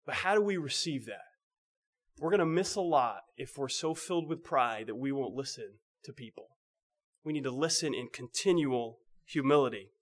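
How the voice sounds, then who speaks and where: This sermon comes across as a chat, with the preacher asking rhetorical questions and going soft and quiet to stress key ideas. His mid-range voice has lively intonation, and he moves at a moderate pace.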